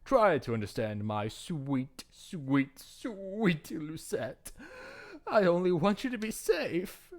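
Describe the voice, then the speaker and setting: A possessive, secretive mother, as a man puts her on, warning in a low, controlling way. Her lines curl and dip with lively movement. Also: slow, heavily acted.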